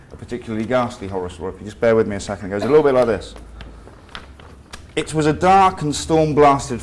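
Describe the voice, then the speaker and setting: A man's voice: medium pitch, a little hiss or hum. A man giving a comic, self-deprecating talk, telling a mock horror story with wry, profane asides. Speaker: invited speaker.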